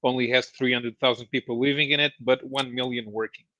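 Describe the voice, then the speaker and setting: A man's voice: medium pitch, fairly even intonation, fairly quick, bright, forceful tone, no echo. A man as a guest on a casual podcast chat, dry and pushing back on teasing. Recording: dull lo-fi dry call audio.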